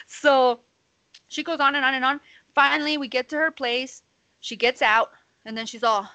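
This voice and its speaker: A woman's voice: on the high side, normal speed, pushed and bright, dry recording. A woman co-hosting a podcast from home over a video call, telling a story in a casual, profane, slangy way and acting out her own side of the conversation. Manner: profane, slangy, calls listeners "bro"; acts out her own quoted lines. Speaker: podcast co-host.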